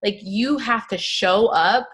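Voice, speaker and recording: A young adult woman who leads a network marketing team gives them a casual pep talk, chatty and upbeat and full of "like" fillers. Her voice sits in the mid range with a slightly bright quality, and she takes her time.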